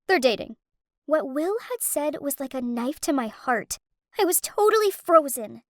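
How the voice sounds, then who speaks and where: High, emotional woman narrating a story. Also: very animated, moderate pace, no room sound, clean studio sound. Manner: emotional, dramatic. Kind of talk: first-person animated story narration.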